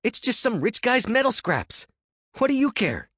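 A brash, reckless young man, as a male narrator puts him on, pushing and jeering in a high, strained voice. His lines swing wide and loud. The sound is dry and close, with no room around it. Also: sing-song, normal speed, breathy edge, dry recording, exaggerated voice. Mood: scornful. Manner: pushy, jeering, shouting.

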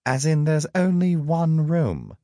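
A man's voice: on the low side, huge pitch swings, a little slow, gravelly, a little mellow, husky, no room sound, clean studio sound, voice pushed up, exaggerated voice. A man voicing a sarcastic, cowardly young male trickster god with a wisecracking manner. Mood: nervous. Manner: wisecracking, snarky.

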